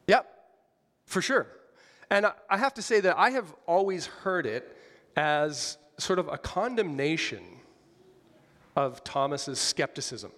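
A man's voice: fairly high pitch, a bit bright. Man preaching in a reverberant hall. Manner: conversational, questioning the congregation, with light humor. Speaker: pastor. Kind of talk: sermon.

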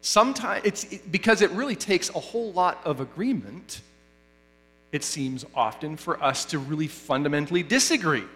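A man giving a sermon as a pastor, halting and restarting often, and getting lively when he tells a story. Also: fairly high pitch. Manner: halting, many restarts, animated when telling a joke. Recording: reverberant hall, mains hum.

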